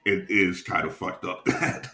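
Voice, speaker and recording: A man's voice: sits low, steady tone, unhurried, bright, forceful tone, reverberant. A young man and stand-up comedian, hosting a podcast and telling a profane anecdote in a casual, chuckling way.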